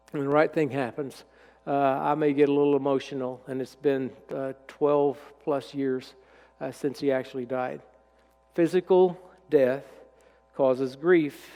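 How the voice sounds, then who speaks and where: A middle-aged man preaching a sermon, telling a personal story in a folksy way and dropping to a hushed voice when he is moved. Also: on the high side, fairly even intonation, a little slow. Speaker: pastor. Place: church sanctuary. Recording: reverberant church sanctuary.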